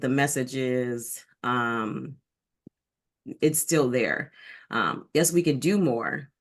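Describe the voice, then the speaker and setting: A woman from Detroit, a diversity coach, talking candidly in an interview, animated and frank with plenty of ums and likes. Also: very deep voice. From Detroit, Michigan, United States. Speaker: diversity and inclusion coach, guest. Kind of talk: candid personal storytelling in an interview.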